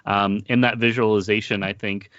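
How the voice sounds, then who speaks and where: A man's voice: fairly low pitch, level tone, a bit bright, no echo. Guy hosting a chat, earnest, lots of ums and restarts, dry muffled lo-fi audio. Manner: earnest, halting with many fillers and restarts. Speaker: podcast host. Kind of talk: casual interview chat.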